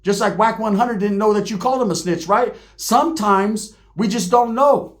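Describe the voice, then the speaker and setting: A man's voice: high voice, normal speed. A man hosting his online show, ranting straight at the camera in profane, slangy street talk. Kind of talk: heated direct-to-camera rant.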